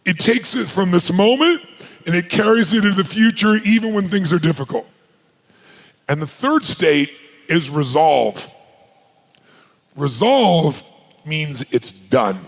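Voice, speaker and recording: A man works a seminar crowd with a high, swooping voice that leaps all over its range. His tone is gravelly and raspy, and he fires question after question at the room. He builds from low intensity to shouted hype. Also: lively intonation, poor audio. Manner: rapid-fire rhetorical questions, commanding the crowd. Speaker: motivational speaker. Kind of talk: live seminar speech to an audience.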